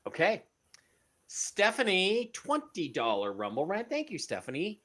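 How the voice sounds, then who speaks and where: A man's voice: high voice, unhurried. A man co-hosting a live stream, reading out viewer donations and their questions. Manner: reads donor messages aloud, animated.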